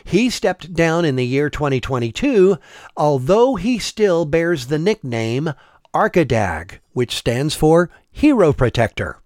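Lively-pitched man narrating travels. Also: dry recording, clean studio sound. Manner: measured, wry storytelling.

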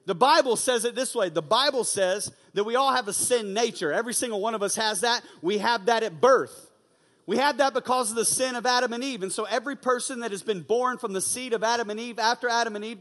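A young man giving an energetic, conversational youth sermon and often asking "you know what I'm saying". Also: very high-pitched, a little fast. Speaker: youth pastor. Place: large church auditorium. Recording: long hall reverb.

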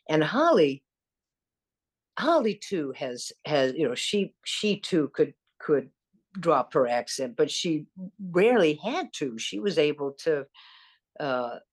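An older actress from the American South with a faint Southern accent, telling rambling stories with frequent laughter in an interview. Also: female voice, sits low. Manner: warm, rambling, self-deprecating, laughs often. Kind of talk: casual storytelling interview.

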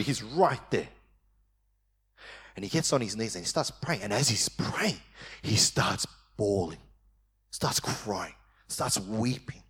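A man preaching a sermon, telling a personal story in a lively way and acting out his younger self, then dropping to a quiet, slow voice at tender moments. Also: fairly low pitch, slightly rough. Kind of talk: sermon testimony.

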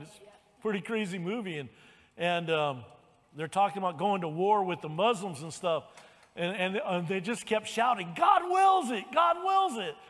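A man's voice: high-pitched, big-room sound. An older man preaching a sermon as pastor, retelling the story with acted-out lines and calls of "amen". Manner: animated storytelling, acts out quotes.

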